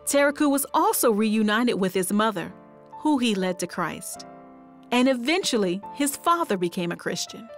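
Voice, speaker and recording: Female narrator, measured scripted documentary read, a bit high-pitched.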